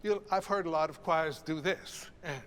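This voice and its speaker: A man with a slightly high voice leads a choral masterclass at a moderate pace, coaching singers in an encouraging, reflective way. He's in a rehearsal hall with a choir, and the recording is reverberant with faint ambience.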